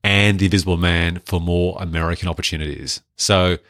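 Deep-voiced and talking a little fast, a man co-hosts a podcast, bantering animatedly and joking around about films. The studio-quality audio has no room sound.

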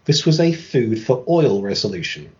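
A man's voice: mid-range voice, very animated, normal speed, a little mellow, dull audio. A man hosting a podcast, reading a scripted history narration and breaking off for dry, sarcastic asides. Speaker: podcast host.

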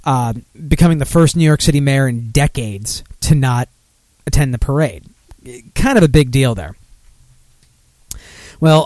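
A man's voice: medium pitch, a little mellow, no echo. Dude ranting on his podcast, rambly, lots of ums and restarts, dry sound. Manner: rambling, full of fillers and self-corrections. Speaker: podcast host. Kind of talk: casual podcast rant.

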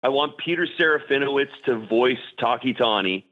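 A man's voice: medium pitch, animated, a little fast. A man calling in to a podcast, chatting casually and rambling with lots of fillers. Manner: rambling, filler-heavy, enthusiastic. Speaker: caller. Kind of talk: casual phone-in chat. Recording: muffled phone-in line.

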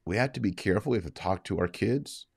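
A man with a very low, deep voice delivers earnest, moralizing commentary, reading out viewer comments along the way. The sound is close and dry, with no room behind it. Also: expressive, quick pace, gravelly, husky, no room sound. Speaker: Catholic commentator. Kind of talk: livestream commentary.

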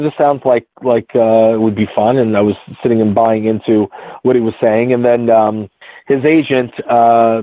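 A fairly low-pitched man in his forties rambles through a story as a guest, stopping and restarting his sentences. His voice comes through a narrow, tinny phone-like line. The sound is dry, with no room around it. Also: dry recording. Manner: rambling, halting, many restarts. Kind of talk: casual storytelling.

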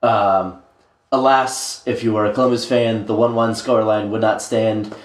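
A man's voice: lowish voice, steady tone, moderate pace. A man co-hosting a casual sports podcast, rambling with many filler sounds as he recaps matches. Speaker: podcast co-host. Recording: roomy echo.

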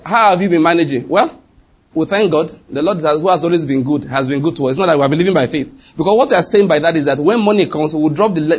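A middle-aged man preaching a sermon as a pastor, asking the congregation rhetorical questions and climbing higher in pitch when he presses a point. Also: breathy edge.

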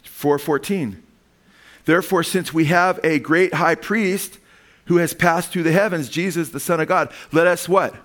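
A man's voice: a little high, measured pace. Man preaching with call-and-response. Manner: call-and-response, asking the congregation "amen?" and "what?"; reads scripture aloud and breaks into animated asides. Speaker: pastor. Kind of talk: sermon.

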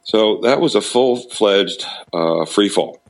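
A man's voice: lowish voice, takes it slowly, rough recording. A middle-aged man candidly telling a personal recovery story, frank and self-deprecating, laughing at himself now and then. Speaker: guest sharing recovery story.

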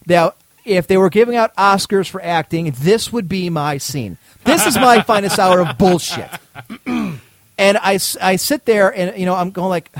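A man's voice: high voice, lively intonation, normal speed, no room sound. A man telling a long story in casual chat, acting out both sides of the dialogue and swearing freely. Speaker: podcast co-host.

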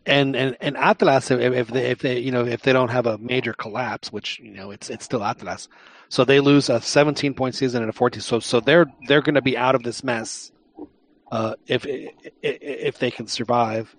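A man co-hosting a soccer podcast, talking through the numbers in a halting way, repeating words. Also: mid-range voice, fairly even intonation, no room sound. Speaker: podcast co-host. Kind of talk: casual sports chat.

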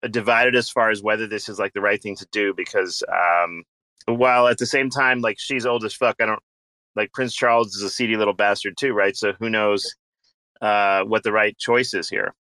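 Man, rambling swearing banter, bright sharp tone, dry close sound. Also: lowish voice, steady tone, normal speed, no room sound. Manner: rambling, profane, filler-heavy. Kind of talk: casual joking chat. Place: online audio chat room.

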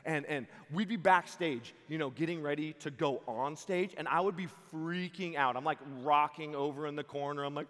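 A young man speaking as a camp preacher, telling stories with lively quoted voices and frequent laughter. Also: on the high side, brisk, hardly any pauses. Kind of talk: youth camp sermon. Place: large hall before a live audience. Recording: hall reverb.

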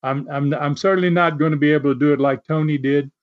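A man's voice: on the high side, steady tone, quick pace. An older man hosting a podcast, telling stories in a rambling way with many fillers and restarts. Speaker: podcast host and former wrestling promoter. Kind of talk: casual storytelling. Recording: dull lo-fi audio.

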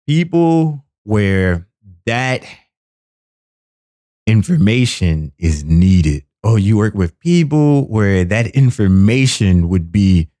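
A man hosting a show, riffing casually and comically, repeating phrases and acting out quotes. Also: no echo. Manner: animated, repetitive riffs, acts out quotes in high voices. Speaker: podcast host. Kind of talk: casual comedic monologue.

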